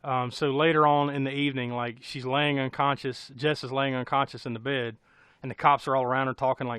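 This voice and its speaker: American man, podcast co-host, chatty and profane, mid pitch, dry close mic. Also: steady tone, fairly quick, a bit bright, clean tone, no room sound. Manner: rambling, laughing, profane storytelling. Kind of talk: casual film recap chat.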